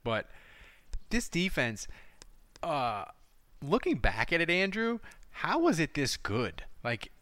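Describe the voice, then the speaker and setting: A man's voice: a little high, huge pitch swings, takes it slowly, bright, forceful tone, no room sound. A man co-hosting a casual sports rewatch, laughing often and rambling, breathing audibly close to the mic. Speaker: podcast co-host.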